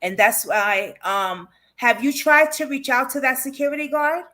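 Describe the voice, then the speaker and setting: A woman's voice: sits high, normal speed, pushed and bright. A woman hosting a true crime interview over a call, often reacting with short exclamations. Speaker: true crime channel host.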